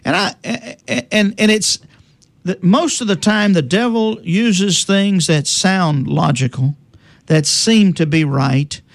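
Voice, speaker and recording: Man teaching scripture, higher voice, dry sound. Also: creaky, no room sound. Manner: halting, many restarts, quotes scripture in old-fashioned wording. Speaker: preacher. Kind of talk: conversational religious teaching.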